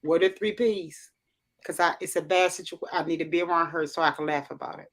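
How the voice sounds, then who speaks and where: Bright-voiced woman telling a rambling story. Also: sits low, level tone, quick pace. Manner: rambling storyteller, many restarts, voices quotes. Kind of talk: casual storytelling chat on a livestream.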